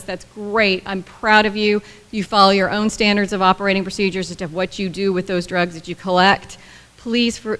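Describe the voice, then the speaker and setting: A woman gives a workshop talk in a blunt, lively way, throwing joking asides to her audience. Her voice sits at a middle pitch. The recording carries a long reverb from the hall. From United States. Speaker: government agency presenter. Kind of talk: workshop presentation. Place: conference room.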